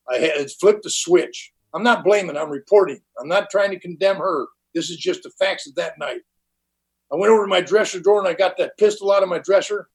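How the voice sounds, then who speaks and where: An older man, high-pitched for a man, telling his recovery story in a blunt, candid way. He talks in plain slang and restarts his sentences often. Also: breathy edge, low-quality recording. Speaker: recovery meeting speaker. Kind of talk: personal recovery testimony. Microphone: online conference talk.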